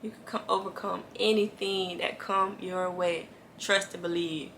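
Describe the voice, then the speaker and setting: A woman speaks in a bright, sharp tone with a gravelly fry running through her voice. She gives a casual devotional talk straight to camera. Her delivery is earnest and emphatic, with lines repeated for weight. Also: lowish voice, level tone, unhurried, slight background noise. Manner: earnest, encouraging, talks straight to viewers. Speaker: Christian faith vlogger.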